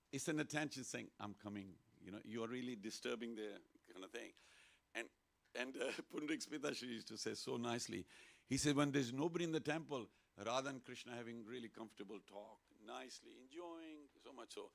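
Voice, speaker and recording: A man's voice: medium pitch, gravelly, fairly bright tone. A man giving an informal, playful temple sermon, leading the congregation in call-and-response chanting. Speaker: temple speaker. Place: temple hall.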